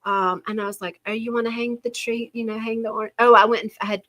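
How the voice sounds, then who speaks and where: This is an older woman, hosting a relaxed chat. Her voice is bright and sits a little high. She tells stories with animation and slips into the voices of the people she quotes. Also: fast talker, rough recording. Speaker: host of a yarn shop show. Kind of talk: casual chat.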